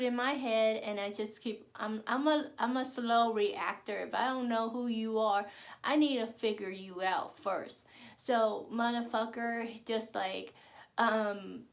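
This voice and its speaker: A woman's voice: fairly high pitch, unhurried. A woman from Arkansas, telling a story to her vlog audience in a blunt, profane, casual way. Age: adult. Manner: blunt and profane, animated when quoting others. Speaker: vlogger.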